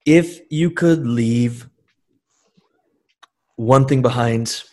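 A man's voice: mid-range voice, very slow, warm tone. A man hosting a podcast, asking long rambling questions with eager enthusiasm. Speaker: podcast host. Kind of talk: interview questions.

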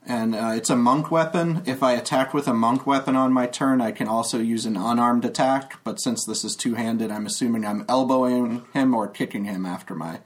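A woman's voice: very deep voice, brisk, hardly any pauses. A woman playing a tabletop game, easygoing and describing her character's attacks in detail. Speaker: player. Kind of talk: casual tabletop game play.

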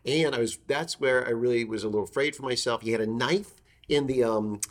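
A man's voice: medium pitch, a little fast. A middle-aged man, a guest actor and improviser, telling a comic story in casual chat with rambling, self-interrupting tangents.

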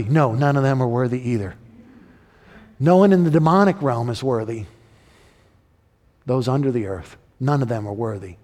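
A man preaching a sermon as a pastor, building to emphatic repeated questions and then dropping low and slow. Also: dark tone, big-room sound.

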